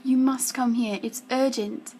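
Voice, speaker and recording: A woman's voice: on the high side, moderate pace, a little hiss or hum, lightly acted. A woman voicing an eager, chatty young female friend who calls across the room and insists.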